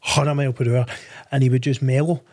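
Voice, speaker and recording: A man hosting a casual interview, asking relaxed questions. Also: mid-range voice, a little fast. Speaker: podcast host.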